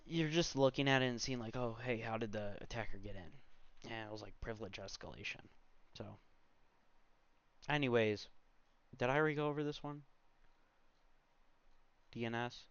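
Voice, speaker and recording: A man's voice: medium pitch, moderate pace, pauses often, clean tone, dry recording. A man in his twenties giving a casual, rambling screen-recorded walkthrough, full of fillers and side comments. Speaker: tutorial host. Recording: slightly dull, dry home recording.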